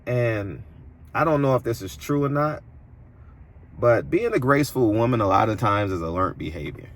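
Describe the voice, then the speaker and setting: A man's voice: animated, moderate pace. Preachy, emphatic man commentator. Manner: preachy and emphatic, voice swinging high when indignant. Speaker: boxing commentator and interviewer. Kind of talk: opinionated commentary monologue.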